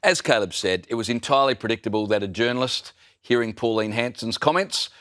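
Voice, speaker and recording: A man's voice: mid-range voice, fairly quick, a bit bright, no echo. Dry dismissive man, close and dry. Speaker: panelist. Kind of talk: opinionated panel commentary.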